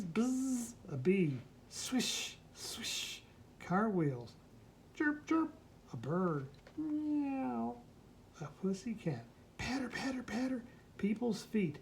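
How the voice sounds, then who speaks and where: Slow, playful woman reading a picture book. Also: a little high, very animated, warm tone, slight background noise. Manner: playful, mimics sounds and asks the listener questions. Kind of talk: reading a children's book aloud.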